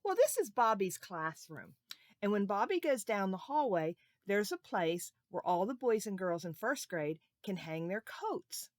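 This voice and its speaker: Lively woman telling a children's story. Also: medium pitch, measured pace, dry recording. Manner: animated, asks the children questions.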